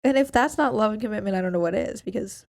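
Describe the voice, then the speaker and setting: A woman's voice: mid-range voice, fast talker. A young woman co-hosting a casual podcast from home, playful and teasing with her partner. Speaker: podcast co-host. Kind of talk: casual chat.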